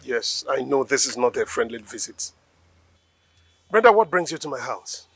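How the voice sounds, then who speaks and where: A man's voice: mid-range voice, animated, normal speed, a bit bright. An actor playing a guarded man who questions an unexpected visitor. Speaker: film character. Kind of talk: Nollywood film acting.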